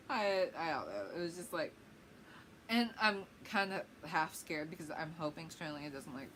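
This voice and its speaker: A young woman with a slightly low voice tells a rambling story-time vlog, full of "um"s, "like"s and little giggles. A faint hiss sits under the recording. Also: lively intonation, moderate pace, fairly bright tone, low-quality recording. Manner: rambling, giggly, lots of fillers. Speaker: vlogger.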